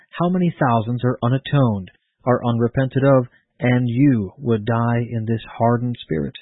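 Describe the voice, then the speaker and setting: A devout, grieving mother pleads in solemn, old-fashioned phrasing, as a man reads her part. The voice is husky and dry, with a thin, phone-like sound. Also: mid-range voice, no echo, close to an everyday voice. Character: grieving pious widowed mother, older.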